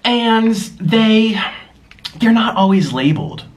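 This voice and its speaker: A man's voice: high voice, expressive, takes it slowly. A young man chatting casually as he eats on camera, gushing and cooing at his pets in baby talk. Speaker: vlogger. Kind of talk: casual mukbang chat.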